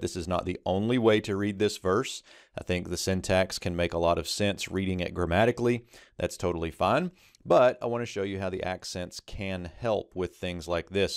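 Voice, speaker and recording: A man's voice: low-pitched, no room sound, clean studio sound. A man teaching Biblical Hebrew, methodically walking through a verse in a screen-recorded lesson. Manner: methodical, explains step by step while circling text on screen.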